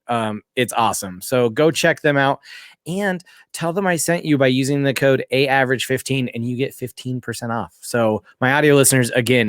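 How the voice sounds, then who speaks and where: Casual podcast host, male, mid-pitched, upbeat and laughing, dry close sound. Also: clean tone, no echo. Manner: upbeat, laughs often, reads sponsor plugs. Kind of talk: casual interview chat.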